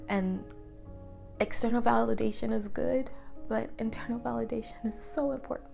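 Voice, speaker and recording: A woman's voice: a little high, fairly even intonation, moderate pace, gravelly, darkish tone, soft background music. A young woman talking earnestly and openly to the camera in a personal vlog, sometimes dropping to a whisper. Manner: earnest, open and reflective, drops to a whisper at times. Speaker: vlogger.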